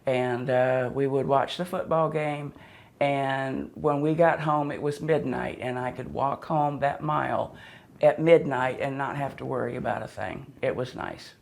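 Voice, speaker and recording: Woman in her 70s, gravelly, wry joking storyteller, rambling delivery. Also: rumbling low, steady tone, measured pace, a little mellow. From born in Pennsylvania, raised in southwest Florida. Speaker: interview guest. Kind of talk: casual storytelling.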